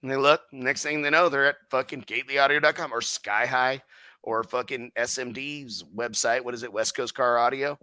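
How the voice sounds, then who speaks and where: A man's voice: medium pitch, fairly even intonation, moderate pace, bright, forceful tone, no room sound. A man guesting on a casual podcast about his car audio company, swearing constantly and heatedly acting out his customers' remarks.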